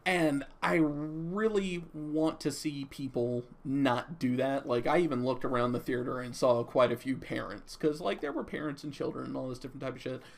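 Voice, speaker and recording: Chatty young man with gravelly voice. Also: medium pitch, moderate pace, few pauses. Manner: rambling, stammering, chatty. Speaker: movie reviewer. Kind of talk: casual off-the-cuff review.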